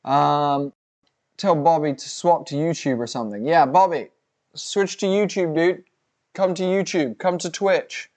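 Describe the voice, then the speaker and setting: A man's voice: fairly high pitch, measured pace, darkish tone. Swearing man riffing on a stream. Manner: swearing, banter, reads chat aloud. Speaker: livestream co-host. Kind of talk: casual watch-along chat.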